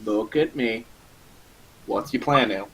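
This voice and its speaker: Animated, joking male player. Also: mid-range voice, takes it slowly, husky, rough recording. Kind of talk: tabletop game chat.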